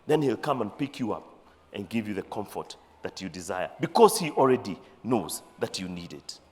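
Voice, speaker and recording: A Kenyan pastor preaching a sermon, animated and then dropping to quiet, earnest passages. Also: male voice, fairly low pitch, moderate pace. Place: church. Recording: reverberant church hall.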